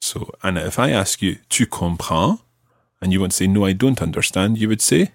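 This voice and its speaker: A man hosting a podcast language lesson, patiently prompting a learner and slowing down for example phrases. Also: deep voice, animated, no room sound, clean studio sound. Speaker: language teacher and podcast host.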